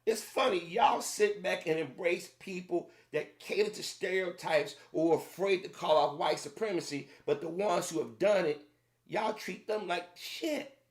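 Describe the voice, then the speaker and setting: A commentator rants his opinion to camera in a heated tone, repeating himself and addressing the audience directly. His voice sits high and he speaks a little slowly.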